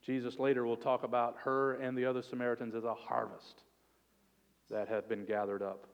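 Earnest preacher in a reverberant hall. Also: male voice, medium pitch, moderate pace, lo-fi sound. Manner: earnest, expressive preaching, drops to a soft intimate tone at key moments. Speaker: pastor. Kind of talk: sermon.

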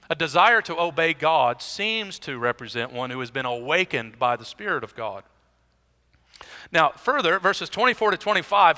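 A man's voice: on the high side, expressive, normal speed, sharp tone, long reverb tail. A man preaching an expository sermon as pastor, in a conversational style with dry, self-deprecating asides.

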